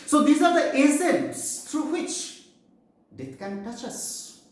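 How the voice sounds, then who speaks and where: A man teaching a poetry class in a slow, explanatory lecture with pauses and fillers, from Bengal. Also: very high-pitched, animated, heavy reverb, a little hiss or hum, poor audio.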